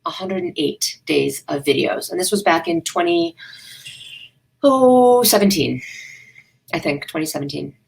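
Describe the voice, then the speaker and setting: A woman's voice: on the low side, expressive, measured pace, vocal fry, long pauses, a little mellow, rough recording. A woman business coach, a guest in a live online interview, speaking earnestly and emphatically. She repeats phrases for effect and tells candid, self-deprecating stories.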